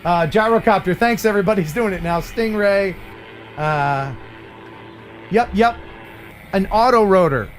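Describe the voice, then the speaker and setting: A man's voice: sits high, unhurried, long pauses, faint music behind. A man hosting a casual live stream, joking and rambling with his co-hosts. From United States. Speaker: livestream host.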